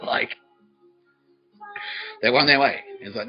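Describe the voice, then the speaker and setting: A man hosting a solo comedy podcast, rambling deadpan and profane, often laughing at his own jokes. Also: mid-range voice, drawn-out words, long pauses, soft background music. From Australia. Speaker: podcast host. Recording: dull lo-fi recording.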